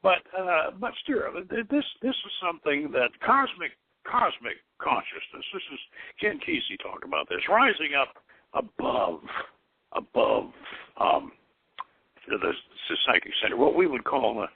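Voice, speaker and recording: Musing on occult philosophy for his call-in radio audience, an older host rambles, repeats himself, and chuckles frequently. He speaks a little slowly in a sing-song, creaky, husky voice on the high side, with no room sound and a dry, tinny, phone-like quality.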